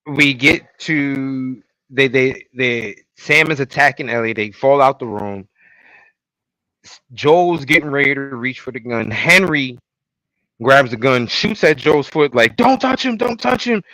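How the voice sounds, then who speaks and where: A man co-hosting a podcast, recapping a TV episode in casual chat and breaking into loud, exasperated outbursts. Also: medium pitch, measured pace, no echo, poor audio. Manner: animated, bursts into loud exasperated outcries. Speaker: podcast co-host.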